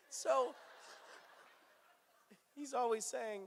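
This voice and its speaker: A man answering fan questions at a convention panel in a loose, playful way, laughing often and filling pauses with ums. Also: fairly high pitch, animated, fairly bright tone, a little hiss or hum. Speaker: actor, convention panel guest. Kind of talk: joking convention Q&A chat.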